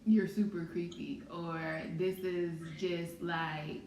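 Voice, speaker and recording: A woman's voice: on the low side, flat delivery, takes it slowly, a little mellow. A woman speaking bluntly and with strong opinions in a casual conversation. She sits a little away from the microphone, so her voice sounds roomy, with faint noise in the background. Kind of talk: casual chat. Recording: echoey room, a bit far from the mic.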